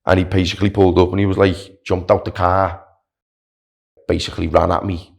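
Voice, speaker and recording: A young man tells a story in casual podcast chat. His voice sits very low. He rambles in an animated way, stacking fillers and restarts. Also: brisk, creaky. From Wales. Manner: animated, chatty, filler-heavy with "like" and "do you know what I mean". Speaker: podcast guest, long-distance walker.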